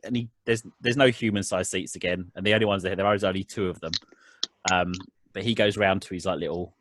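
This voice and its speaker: A man's voice: sits low, fairly even intonation, moderate pace, pauses often, fairly bright tone, dry recording. A man narrating as game master of a tabletop game, in a rambling way full of ums and restarts.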